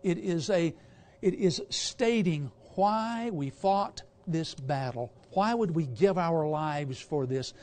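High-voiced man preaching a sermon. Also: darkish tone. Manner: emphatic, asks the congregation questions, stumbles over words. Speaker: guest preacher.

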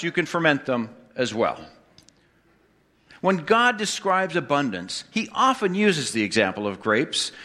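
Bright-voiced male preacher giving a sermon. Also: a little high. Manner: asks the congregation questions, wry jokes. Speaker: pastor.

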